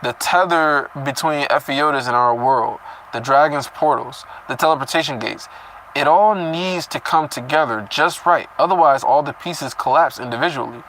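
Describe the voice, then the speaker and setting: A man's voice: mid-range voice, moderate pace, a bit bright, a little hiss or hum, rough recording. A man reading a story chapter aloud and breaking off into casual, profane comments on it. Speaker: reader reacting to a novel chapter.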